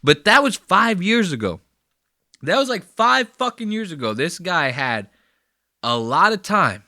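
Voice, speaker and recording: A man's voice: high voice, sing-song, unhurried, bright, forceful tone, dry recording. A man hosting a podcast, riffing crude and profane comedic commentary in a rambling, conversational way on a close mic. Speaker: podcast host.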